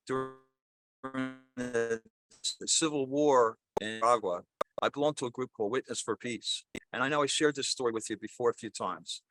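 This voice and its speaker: An older priest speaks to his congregation in a loose, chatty manner, wandering and correcting himself as he goes. His voice sits at an ordinary pitch. The sound is close and dry. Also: a bit bright, no echo. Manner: conversational, rambling, self-correcting. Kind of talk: sermon with jokes and storytelling.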